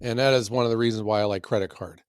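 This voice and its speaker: A man co-hosting a casual podcast, telling stories in a folksy, animated way. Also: on the low side, very fast, clean tone, dry recording, clean studio sound. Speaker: podcast co-host and firewood seller.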